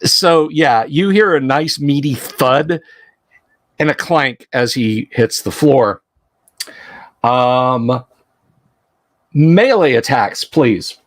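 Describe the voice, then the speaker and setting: A man's voice: mid-range voice, animated, very slow, long pauses, dry recording, studio quality. A man running a tabletop game as game master on a livestream, joking with his players as he narrates the fight. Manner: jokey, tosses in metal references.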